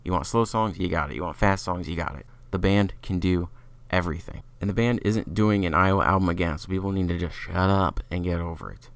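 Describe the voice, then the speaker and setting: A man's voice: low voice, a little fast, creaky, dry recording. A young man hosting a podcast, giving an opinionated, rambling review of an album in a casual way with lots of filler words. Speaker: podcast host.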